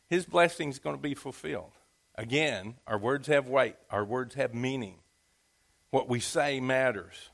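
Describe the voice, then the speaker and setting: A man's voice: on the high side, fairly bright tone. A man preaching a sermon in a folksy, conversational storytelling manner. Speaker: pastor.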